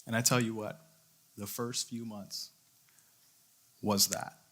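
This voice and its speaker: A young adult man, a youth leader, delivers a sermon slowly in a steady, slightly bright voice on the low side. He earnestly narrates a personal story and plays out his own thoughts in a quoted inner voice.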